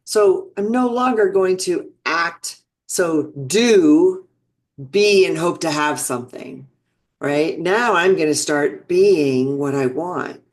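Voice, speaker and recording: Her pitch fairly low and her pace slow, this sixties-aged woman shares personal stories as an interview guest. She is earnest and reflective, frequently starting her sentences over.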